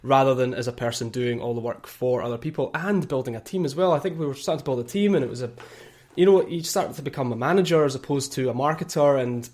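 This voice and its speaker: A man's voice: mid-range voice, fast talker. Chatty Scottish man, podcast guest. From Scotland. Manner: relaxed, chatty, many fillers and restarts, laughs easily. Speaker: guest, content marketing teacher. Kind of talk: casual podcast interview.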